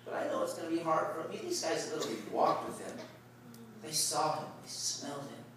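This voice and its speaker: A middle-aged man preaching a sermon, telling a story with lively animation, laughing and shouting at the high points. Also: a little fast, very echoey, distant mic, slight background noise, poor audio. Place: large hall at a retreat worship service.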